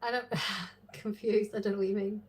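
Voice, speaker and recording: A woman hosts a casual live stream, reading chat messages out loud, chatting, and laughing a lot. Her voice is medium-pitched and a little mellow, with flat intonation and a normal pace.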